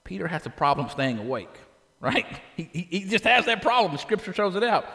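Animated preacher man in a reverberant hall. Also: high voice, a little fast, gravelly. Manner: animated, asks the congregation questions. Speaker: pastor. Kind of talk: sermon.

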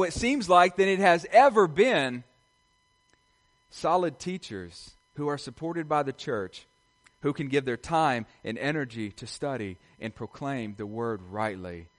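A man's voice: mid-range voice, a bit bright. A man preaching a sermon as pastor, earnest and repetitive, often asking rhetorical questions to his congregation.

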